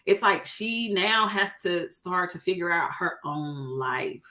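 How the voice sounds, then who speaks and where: Thirties woman co-host; bright tone, lower register, relaxed chatty delivery with laughs. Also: takes it slowly. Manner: chatty, laughs often, acts out quoted dialogue. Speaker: co-host, realtor. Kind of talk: casual chat.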